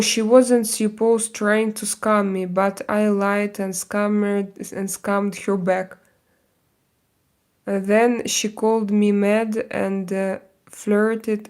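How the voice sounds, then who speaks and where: A woman hosting a casual livestream, chatting with viewers in a loose, rambling way with many fillers. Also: mid-range voice. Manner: chatty, many fillers and restarts, switches into mock-Spanish bits. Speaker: livestream host. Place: home, doing makeup on stream.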